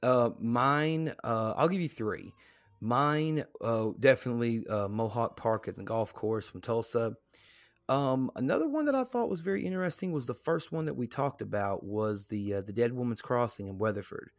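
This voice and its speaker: A man's voice: medium pitch, normal speed, no room sound. Man, casual podcast co-host, rambling, restarts a lot, dry close sound. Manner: loose, rambling, with many fillers and restarts.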